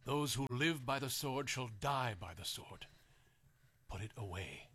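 An actor playing a calm, steadfast apostle, gentle and resolute. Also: male voice, medium pitch, unhurried. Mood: serene. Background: music.

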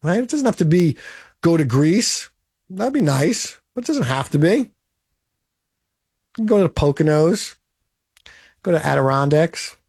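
A man's voice: on the high side, big pitch swings, a little slow, long pauses, darkish tone, slightly rough, no echo, clean studio sound. A man in his late forties delivering a blunt, motivational monologue full of rhetorical "right?"s. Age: 40s. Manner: emphatic, blunt and pep-talking, with rhetorical "right?".

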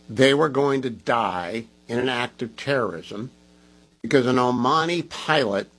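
Male radio host, opinionated, emphatic monologue, mid-pitched voice. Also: fairly bright tone, slightly rough, poor audio. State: groggy from medication. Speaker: radio talk show host.

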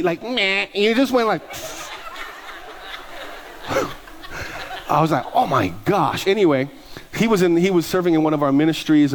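A male pastor preaching a sermon, telling personal stories and acting out the voices of the people in them. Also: medium pitch. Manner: animated, acts out voices in his stories. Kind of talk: sermon storytelling.

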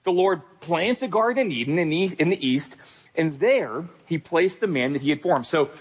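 Husky-voiced man preaching earnestly. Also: fairly high pitch, animated, normal speed. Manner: earnest, direct address to the listener, emphatic repetition. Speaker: pastor. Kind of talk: sermon.

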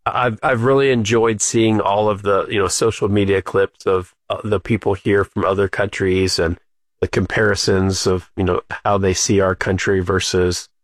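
A man co-hosting a casual talk show, speaking in a relaxed, slightly hesitant way. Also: on the low side, normal speed, dry recording. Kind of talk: casual chat.

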